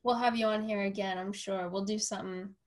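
Animated woman telling a story. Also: medium pitch, brisk. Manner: animated storyteller, quoting herself and others. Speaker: podcast host. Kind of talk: casual interview conversation.

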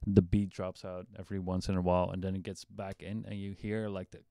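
A man's voice: deep voice, flat delivery, a little fast, vocal fry, noisy background. A young man, a music producer, teaching a casual livestream masterclass in a laid-back way, swearing offhandedly and hedging his opinions.

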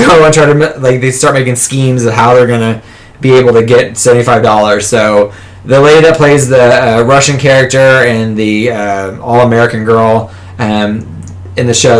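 A man co-hosting a casual comic book podcast, rambling through a plot recap with lots of fillers and laughter. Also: mid-range voice. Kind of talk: casual chat.

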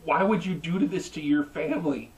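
A man's voice: on the high side, brisk, darkish tone, distant mic, close to an everyday voice, low-quality recording. A man voicing an upset young woman who pleads with her uncle in disbelief. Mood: pleading.

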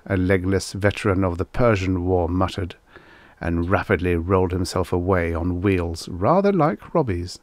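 A man reading a vintage science fiction story aloud in measured storyteller fashion. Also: low-pitched, lively intonation, no echo. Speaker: audiobook narrator.

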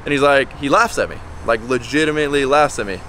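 A man's voice: medium pitch, fast, a bit bright, a little hiss or hum. A man in his twenties, a contractor, talking candidly and bluntly in a casual vlog, swearing now and then. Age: 20s.

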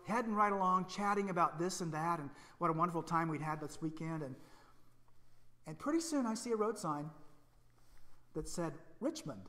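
Bright-voiced pastor in a reverberant church. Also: male voice, high voice. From Indiana. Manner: storytelling, self-deprecating humor, then soft and earnest. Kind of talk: sermon. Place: church sanctuary.

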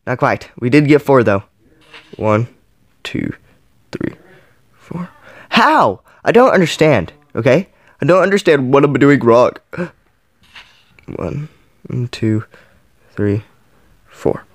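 A man's voice: mid-range voice, big pitch swings, takes it slowly, long pauses, no room sound. A man playing a mobile game on camera, counting each flip aloud and yelping or groaning at every near miss. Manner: counts flips aloud, yelps and groans at misses. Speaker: gaming channel host.

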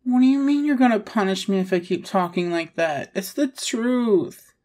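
A woman's voice: medium pitch, normal speed, mellow. A woman performing a scripted audio role-play, talking in a pouty, whiny, protesting way.

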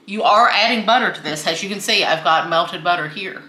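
A woman with a lowish, bright, ringing voice chats her way through a home cooking demonstration. She talks friendly and easygoing while working, and the kitchen gives her voice a roomy echo with faint clinks of dishes and utensils behind her. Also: a little fast, a little hiss or hum. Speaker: cooking channel host. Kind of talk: chatty home cooking tutorial.

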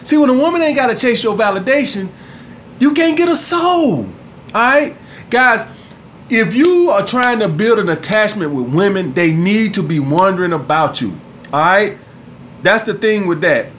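A man's voice: high-pitched, lively intonation, normal speed, fairly bright tone, a little hiss or hum. A man giving dating advice in a casual monologue, blunt and profane, who keeps checking in with "all right?". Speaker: dating coach.

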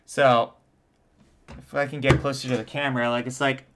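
A man's voice: medium pitch, level tone, moderate pace, noisy background. A man, a trumpet teacher, reacting to an interview in a casual explanatory way and sounding out vowels and tonguing syllables as examples. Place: home studio in front of a camera.

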